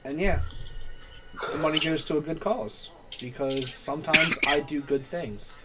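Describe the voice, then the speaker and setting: Stammering male game master, slightly high voice. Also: a little slow, over loud music. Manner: stammering restarts, self-mocking jokes. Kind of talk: narrating a tabletop game on a live stream.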